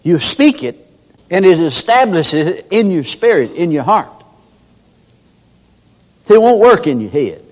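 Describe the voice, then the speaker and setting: An older man preaches in a folksy storytelling way, his voice lively and sweeping, a little higher than most men. It rings out with a long hall reverb. He slips into characters to make his point. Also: measured pace, long pauses. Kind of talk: sermon.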